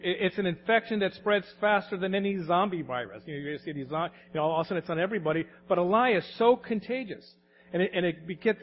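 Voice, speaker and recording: A man's voice: high voice, highs cut off, slight background noise. A man preaching a sermon in a folksy storytelling way, often repeating his words as he goes.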